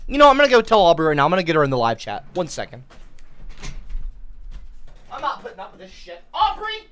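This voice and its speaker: A woman livestreamer in a comedic rant, indignant and breaking into shouted outbursts. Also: mid-range voice, wildly swooping pitch, a little fast, pauses often, slight background noise.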